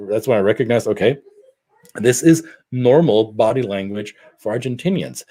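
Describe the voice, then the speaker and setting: A middle-aged man from Germany, telling stories in a casual podcast chat, animated and prone to restarts. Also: mid-range voice. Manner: animated storyteller with frequent restarts. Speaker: podcast co-host.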